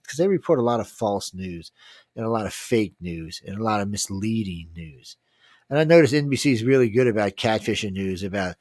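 A man's voice: mid-range voice, no room sound, studio quality. A man hosting a casual news talk, reading headlines and rambling bluntly with swearing and trailing-off sentences.

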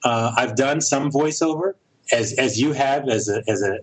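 A middle-aged American man, a director and producer, talks thoughtfully in a casual interview, often pausing and restarting his sentences. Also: mid-range voice, slightly rough, rough recording. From United States. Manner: thoughtful, halting, with frequent restarts.

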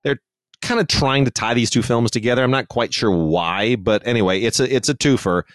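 A man's voice: mid-range voice, a little fast, dry recording, studio quality. A man co-hosting a casual film chat, opinionated and digressive, with frequent restarts. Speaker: film reviewer, podcast co-host.

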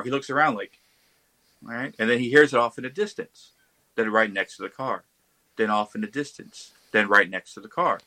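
A man, a podcast guest, telling a ghost story in a casual, animated way. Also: mid-range voice, no room sound, low-quality recording. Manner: animated, acts out quoted voices.

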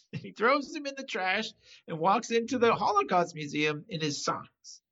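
A man rambling through an animated, laugh-filled retelling in casual chat. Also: high voice, a little slow. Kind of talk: casual chat recapping an episode. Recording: slightly dull lo-fi sound.

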